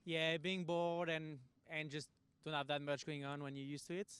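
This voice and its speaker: A man's voice: fairly high pitch, completely flat delivery, moderate pace, fairly bright tone, clean tone, no echo. A man answering in a thoughtful, loose way about his time off.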